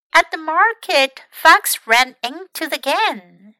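A woman English teacher reading a bilingual storybook aloud in an expressive, animated way. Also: very high voice, takes it slowly, few pauses, no echo, low-quality recording.

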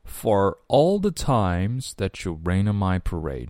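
Man teaching English sounds, low dark voice. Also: very animated, dry recording, clean studio sound. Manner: explains in quick bursts, then slowly models the phrases. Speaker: English pronunciation and singing teacher. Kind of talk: online language lesson.

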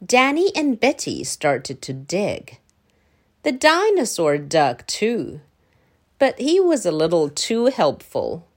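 A woman reading a children's story aloud in an expressive, unhurried way. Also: mid-range voice. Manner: expressive, sing-song, unhurried.

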